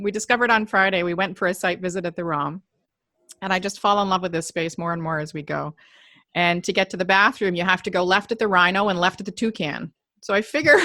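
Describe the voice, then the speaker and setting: A woman's voice: medium pitch, pushed and bright, no room sound. Woman host, upbeat, teasing, casual chat, dry close sound. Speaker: event host.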